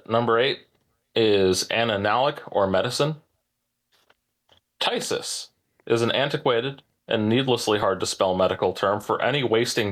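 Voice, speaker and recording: A man hosting a pub-style trivia podcast, reading questions in a measured, deliberate way with dry asides. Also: lowish voice. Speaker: trivia quiz host.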